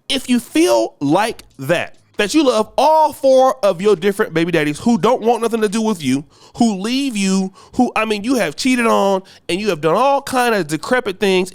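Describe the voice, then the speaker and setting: An American man with a high, very lively voice rants through a podcast commentary. He preaches emphatically, jumping between raised outbursts and low mutters. The sound is close and dry, with faint music underneath. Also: dry recording. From United States. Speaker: podcast host. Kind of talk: ranting commentary monologue.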